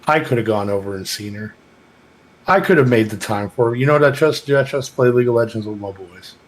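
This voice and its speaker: A man's voice: medium pitch, lively intonation, fast talker, low-quality recording. A man with a Texas accent talking in a casual podcast chat, rambling, heartfelt and full of swearing. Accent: Texan. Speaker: podcast co-host.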